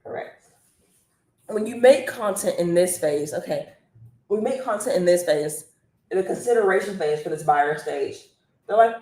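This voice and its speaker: A woman coaching viewers on a live stream, chatty and energetic, calling the audience y'all. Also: fairly low pitch, normal speed, long pauses, roomy sound. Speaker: online business coach.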